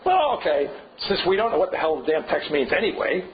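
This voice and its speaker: An older man gives a loose, digressive seminar talk, pondering aloud and prodding listeners with "right?" and "you see?". His voice sits a bit higher than most men's. The recording is dull and lo-fi, with a faint hiss underneath. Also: very animated, fairly quick. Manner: digressive, thinking aloud, frequent rhetorical "right?". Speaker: seminar lecturer. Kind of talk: informal seminar lecture.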